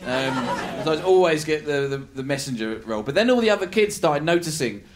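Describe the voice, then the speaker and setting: A man doing stand-up comedy storytelling, animated and self-mocking, laughing through his lines. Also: on the high side, fairly quick, a faint crowd.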